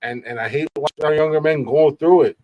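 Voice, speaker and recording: A man's voice: a little high, brisk, no room sound, muffled recording. A middle-aged man hosting a podcast in casual talk, earnest and emphatic, swearing freely and often stumbling over repeated words. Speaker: podcast host.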